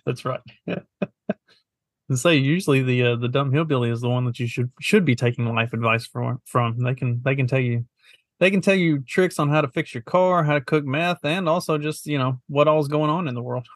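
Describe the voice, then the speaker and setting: A man's voice: medium pitch, fairly quick, no echo, clean studio sound. A man, co-hosting a podcast in a laid-back, meandering way. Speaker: podcast co-host. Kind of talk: casual chat.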